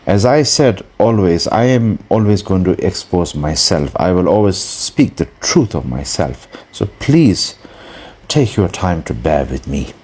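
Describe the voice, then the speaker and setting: Low deep guy giving a buddhist talk, earnest, lots of pauses looking for words. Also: big pitch swings, darkish tone, breathy edge. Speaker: Buddhist teacher. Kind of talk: spoken dharma talk.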